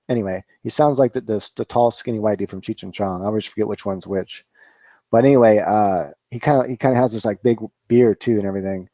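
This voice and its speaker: A cannabis grower in his forties, hosting his own channel, rambles casually through a live stream with lots of fillers and swearing. His voice is medium-pitched with a dark tone, and there is no echo.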